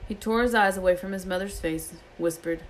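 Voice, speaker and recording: A woman reading a novel aloud as an expressive storyteller. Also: mid-range voice, a little fast, a little hiss or hum, low-quality recording. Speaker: reader.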